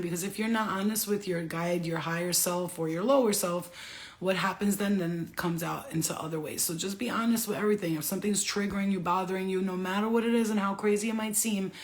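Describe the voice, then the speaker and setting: A woman talks straight to the camera in a loose, chatty vlog about her spiritual life. She laughs often, swears freely and slips into quick put-on voices as she acts out what other people say. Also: mid-range voice. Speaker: spiritual vlogger. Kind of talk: casual monologue.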